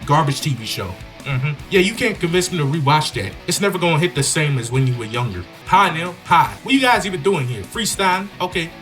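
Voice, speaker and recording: Gaming YouTuber, man with a higher voice, slangy and riffing, reading game dialogue over soft music. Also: big pitch swings, fairly quick, hardly any pauses. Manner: joking, slangy, riffing on the story. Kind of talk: playthrough commentary with read-out game dialogue.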